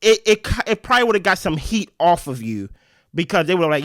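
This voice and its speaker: Here a podcast co-host breaks down game strategy casually, his fairly high voice moving fast and animated with frequent "right?" The recording is close and dry, without echo.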